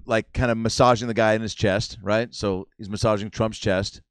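A man's voice: on the low side, fairly even intonation, moderate pace, smooth, no echo. A man hosting a podcast, telling a long story casually and acting out the quotes. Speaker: podcast host. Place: comedy club room.

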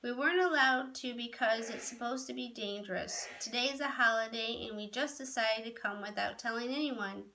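A woman's voice: a little high, normal speed, hardly any pauses, sharp tone. A woman voicing a bitter teenage boy with an intense, scornful way of talking, in a read-aloud storybook.

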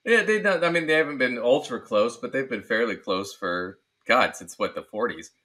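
A man's voice: mid-range voice, expressive, moderate pace, bright, forceful tone. A man co-hosting a podcast, giving casual, joking commentary on a video clip and laughing often. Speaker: podcast co-host.

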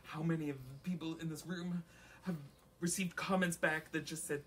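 A man's voice: fairly high pitch, steady tone, normal speed, fairly bright tone, a little hiss or hum. A man teaching a flute masterclass to an audience, singing rhythms on syllables, counting aloud and joking as he coaches. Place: recital room with an audience.

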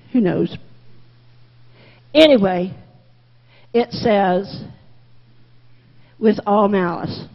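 A woman's voice: mid-range voice, slightly rough. A woman teaching a Sunday school lesson in a folksy, candid way, often repeating her phrases. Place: church classroom. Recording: muffled reverberant room recording.

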